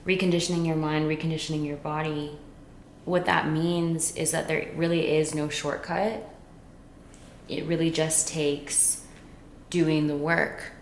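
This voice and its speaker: A woman vlogging, talking thoughtfully and softly to camera about her own habits and fears, sometimes dropping to a whisper. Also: low-pitched, level tone, unhurried. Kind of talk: reflective casual talk to camera. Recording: echoey room with faint background noise.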